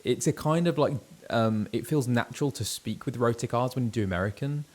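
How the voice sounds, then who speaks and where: A man's voice: mid-range voice, brisk, a little mellow. A British man, a voice actor live-streaming a game, chatting casually in a rambling way with lots of fillers. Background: background music.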